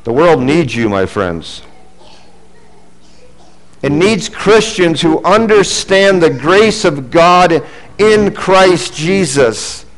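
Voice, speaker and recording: A middle-aged man preaching a sermon as pastor, earnest, rising for emphasis and dropping low and quiet for asides. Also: big pitch swings, slow, poor audio.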